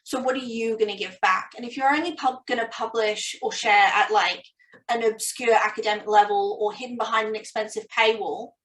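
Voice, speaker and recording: A woman's voice: fairly high pitch, fairly even intonation, fairly quick, fairly bright tone. Chatty young woman, roomy distant sound. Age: young adult. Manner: chatty, many "like" fillers, self-deprecating. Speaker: PhD student guest. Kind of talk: casual academic conversation.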